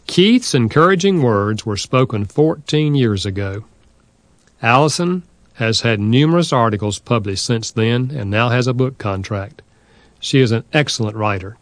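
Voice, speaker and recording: Guy doing steady audiobook narration, medium pitch, dry close sound. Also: no echo. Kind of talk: scripted nonfiction narration.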